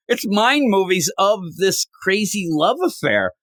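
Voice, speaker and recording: A man's voice: very animated, a little slow, hardly any pauses, a bit bright, no echo. Rambling man with a dry close sound. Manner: rambling, acts out characters' lines with big pitch jumps. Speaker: podcast co-host. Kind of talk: casual chat reviewing comics.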